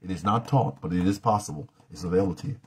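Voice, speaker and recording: A man's voice: sits low, rapid-fire, a little mellow, husky. A man teaching a Bible study sermon, asking rhetorical questions and building to emphatic peaks.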